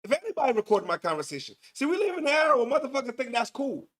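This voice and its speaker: Man, high voice, slangy profane livestream host. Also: big pitch swings, rapid-fire, fairly bright tone. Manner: slangy, profane, laughs often. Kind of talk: casual live-stream commentary.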